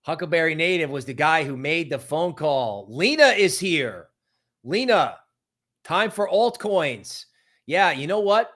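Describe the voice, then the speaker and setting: A man hosts a live market commentary stream, his voice sitting a little high for a man. He talks in an animated, sardonic way, tossing out quick asides and mocking voices. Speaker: crypto market livestream host.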